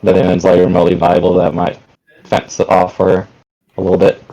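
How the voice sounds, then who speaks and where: A man at a tabletop game, asking questions about the scene and his options. His voice is very low and deep. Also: monotone, fairly quick, warm tone, rough recording. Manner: inquisitive. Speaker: player.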